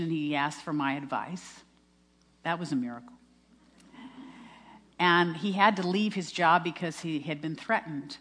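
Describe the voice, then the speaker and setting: An older woman in her sixties shares a heartfelt testimony in a fairly low voice, earnest and storytelling, often restarting her sentences. Her words ring out with the long reverb of a large church hall. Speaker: speaker giving a personal testimony.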